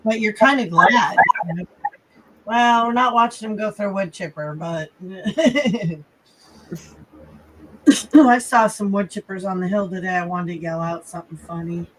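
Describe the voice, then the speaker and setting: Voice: medium pitch, unhurried, a bit bright, a little hiss or hum, low-quality recording. Laid-back livestream co-host. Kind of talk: casual chat.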